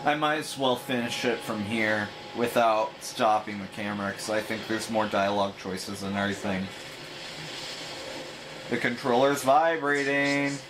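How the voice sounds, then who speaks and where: A man's voice: on the low side, steady tone, unhurried, background noise. A man hosting a gaming channel, giving casual, joking commentary in an offhand way while he plays. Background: game music.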